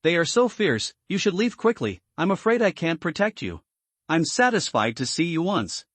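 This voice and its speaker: A man's voice: on the high side, big pitch swings, normal speed, fairly bright tone, no echo. A man voicing the ghost of a grieving mother who pleads anxiously for her son. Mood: pleading.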